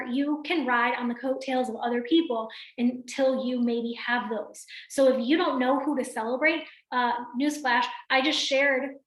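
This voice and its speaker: A high-pitched woman coaches her team over a video call, bright and energetic, checking in with her listeners as she goes. Her voice carries a noticeable echo from the room around her. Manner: energetic, addresses listeners directly with frequent "right?". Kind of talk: motivational team training call.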